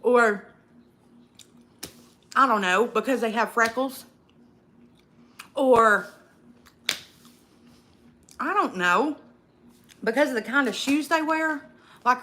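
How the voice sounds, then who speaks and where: A woman's voice: on the high side, takes it slowly, pauses often, sharp tone. A young woman hosting a casual eating livestream, outspoken and profane, ranting and reading viewer comments aloud. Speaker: livestream host.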